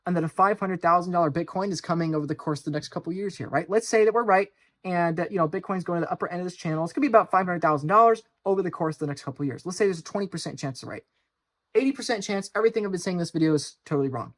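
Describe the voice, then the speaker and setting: A man hosting his own finance channel, speaking in an urgent, insistent monologue with piled-up repeated phrases, swinging between low, grave warnings and loud, mocking outbursts. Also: very fast. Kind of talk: direct-to-camera monologue.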